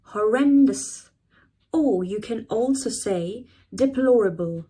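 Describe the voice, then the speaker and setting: A woman hosts an English vocabulary lesson in a middle-pitched voice. She repeats each new word slowly and clearly so learners can copy it. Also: dark tone, poor audio. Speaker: English teacher, channel host.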